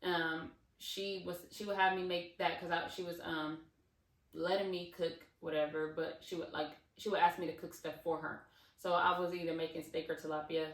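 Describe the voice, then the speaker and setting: A woman in her twenties telling a casual storytime on her channel, animated and digressive, with lots of fillers and asides. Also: fairly low pitch, normal speed. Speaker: vlogger. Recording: roomy, slightly distant mic.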